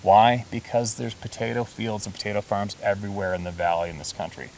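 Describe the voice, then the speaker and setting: Low-voiced man telling stories, off-mic. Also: steady tone, fairly quick, darkish tone. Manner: chatty, emphatic, laughs while telling. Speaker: storyteller. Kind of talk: casual storytelling. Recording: distant mic with faint hiss.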